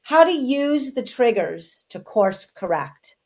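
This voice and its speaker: A woman's voice: on the high side, big pitch swings, takes it slowly, a little mellow. Woman, co-host, interview chat, effusive, repeats her praise.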